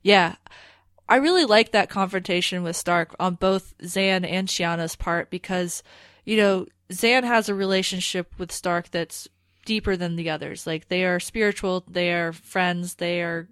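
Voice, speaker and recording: A woman's voice: on the low side, measured pace, smooth, no echo. A woman co-hosting a podcast, talking casually and animatedly about a TV episode. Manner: animated, rambling, with restarts. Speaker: podcast co-host.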